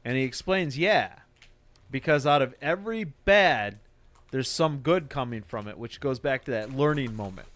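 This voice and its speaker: A man's voice: medium pitch, expressive, normal speed, fairly bright tone. A man who does stand-up, hosting a podcast and ranting in a casual, profane, motivational way. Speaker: podcast host; stand-up comic. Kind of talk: casual chat.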